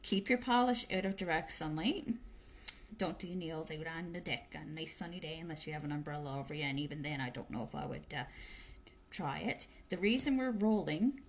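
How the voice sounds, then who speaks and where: A woman's voice: sits low, animated, fairly quick. A woman chatting her way through a live-streamed nail polish tutorial on her phone, giving tips with friendly asides. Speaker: nail tech demonstrating polish application.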